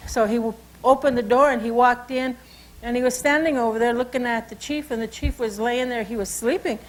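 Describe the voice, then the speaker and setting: A woman who is a tribal cultural educator, telling a traditional story and teaching words and signs in an unhurried, conversational way with frequent asides. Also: on the high side, steady tone, rough recording. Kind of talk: oral storytelling and language lesson.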